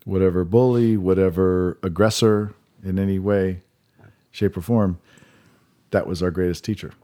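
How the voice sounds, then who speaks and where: A man's voice: deep voice, fairly even intonation, normal speed, dark tone. A man, a podcast guest, telling a story in a meandering, earnest way in casual conversation.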